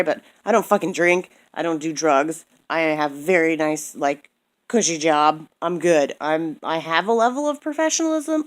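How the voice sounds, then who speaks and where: A woman's voice: deep voice, gravelly. A woman in her thirties giving a heated, profane personal rant, tired and repeating herself as she vents. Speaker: vlogger.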